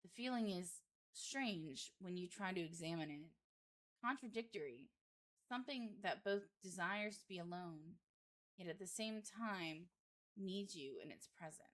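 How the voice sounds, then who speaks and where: A woman with a lowish voice reads a horror game aloud, narrating the story at an even pace. She keeps breaking off for dry, sarcastic side comments. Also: a little slow. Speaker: streamer.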